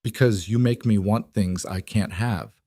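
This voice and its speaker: A man voicing a guarded, brooding young mafia boss in a measured storybook read. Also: on the low side, mellow, no room sound, studio quality.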